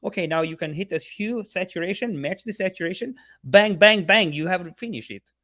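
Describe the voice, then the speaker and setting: A man's voice: high voice, animated, fairly quick, a bit bright, pitched above the performer's own voice. A man voicing a silly male Photoshop teacher with a put-on Swedish accent and broken, bouncy English. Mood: hammy.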